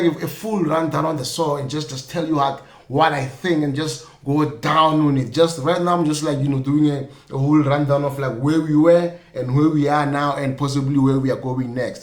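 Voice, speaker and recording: Chatty South African man in an echoey room. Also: fairly high pitch. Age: young adult. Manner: loose and chatty, many fillers like "you know what I mean", jokey asides. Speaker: podcast host. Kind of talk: casual solo commentary.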